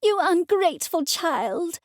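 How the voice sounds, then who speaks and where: Woman voicing a shrill, scolding older mother. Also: big pitch swings, takes it slowly, no echo, studio quality, full character voice. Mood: indignant. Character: prim pious older mother, easily offended.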